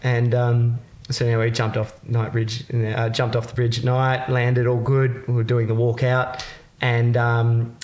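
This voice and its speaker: Australian guest storyteller, rambling and jokey, echoey room. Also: male voice, medium pitch, monotone, measured pace, few pauses, a little mellow. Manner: laughs through his stories, loose and rambling. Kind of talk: casual storytelling.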